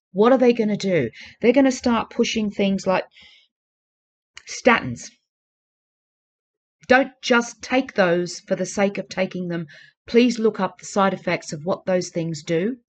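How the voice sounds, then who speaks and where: A woman's voice: mid-range voice, dull audio. A woman vlogging to camera, earnest and urging, repeating her pleas for emphasis. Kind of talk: casual talk to camera.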